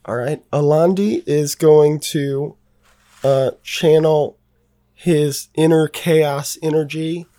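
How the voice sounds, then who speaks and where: A man's voice: on the high side, fairly even intonation, takes it slowly, warm tone, dry recording, studio quality. A man playing a tabletop game casually, laid-back and joking. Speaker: player.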